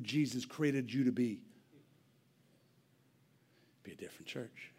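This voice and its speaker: A man preaching a sermon in a church, dropping to hushed near-whispers and then rising to loud, impassioned bursts, repeating and restarting his words. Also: mid-range voice, measured pace, pauses often, husky. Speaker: pastor. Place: church sanctuary.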